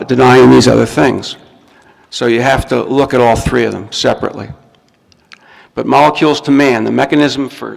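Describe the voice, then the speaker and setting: A man's voice: mid-range voice, creaky. A man giving a recorded lecture, explaining step by step and often restarting his words. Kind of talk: recorded talk to an audience. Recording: long reverb from a hall.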